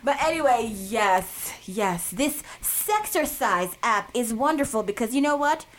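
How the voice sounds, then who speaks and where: A woman's voice: on the high side, expressive, unhurried, a bit bright, a little hiss or hum. A woman co-hosting a casual comedic podcast, blunt and playful, laughing often. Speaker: podcast co-host.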